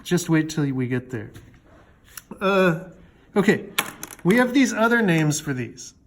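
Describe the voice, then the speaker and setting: A man with a slightly high voice walks through a music theory lesson. He talks in a loose, chatty way, full of fillers and small jokes, like he's explaining things to a friend. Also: big pitch swings, a little slow, a little hiss or hum.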